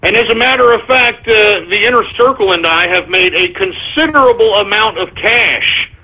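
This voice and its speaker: A man's voice: high-pitched, lively intonation, normal speed. A man hosting a live internet radio show, ranting and exasperated, cursing and stammering through restarts as he addresses his listeners as folks. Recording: tinny phone-like internet radio stream.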